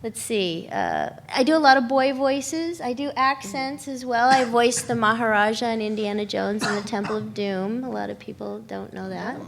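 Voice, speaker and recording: Chatty woman voice actress, slightly high. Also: normal speed, gravelly, hardly any pauses, a little hiss or hum. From Los Angeles. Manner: chatty, laughing, searching for words. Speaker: voice actress on a panel. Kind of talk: casual panel talk. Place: convention panel room.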